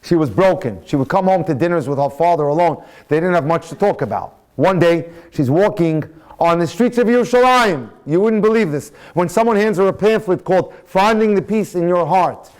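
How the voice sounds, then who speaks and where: A rabbi telling a sermon story in a fairly high voice. His delivery is dramatic and animated, and he often stops mid-phrase and starts over. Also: a little fast. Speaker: rabbi and lecturer.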